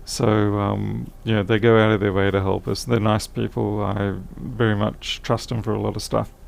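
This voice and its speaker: A man's voice: on the low side, little pitch movement, normal speed. A tired man chatting casually on a live stream, thinking aloud as he repairs a laptop, his voice fading. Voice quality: gravelly.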